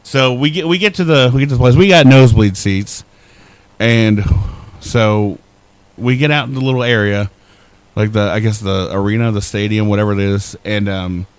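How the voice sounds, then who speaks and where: A man's voice: on the low side, normal speed, smooth. A middle-aged man co-hosting a podcast, telling a rambling, profane, self-deprecating story in casual chat. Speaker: podcast co-host.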